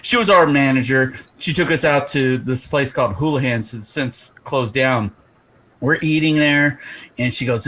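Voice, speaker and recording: A middle-aged man co-hosting a casual podcast, telling a rambling story in a relaxed way. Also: medium pitch, moderate pace. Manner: relaxed, rambling anecdote teller. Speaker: podcast co-host. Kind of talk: casual drinking-show chat.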